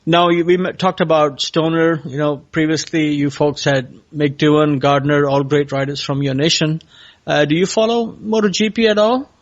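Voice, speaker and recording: A man hosting a podcast, interviewing a guest in a halting way with many pauses. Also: a little high, fairly even intonation, dull audio. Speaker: podcast host. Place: California.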